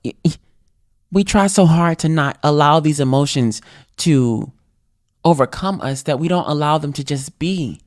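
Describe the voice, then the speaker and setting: A man hosting his own podcast, giving an earnest, reflective solo motivational talk with lively pitch swings. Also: no room sound, clean studio sound. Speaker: podcast host.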